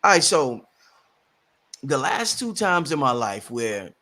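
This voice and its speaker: A man in his thirties hosting a livestream, telling stories in an animated, slangy way and often repeating words. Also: mid-range voice, slow. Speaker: livestream host. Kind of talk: casual livestream chat.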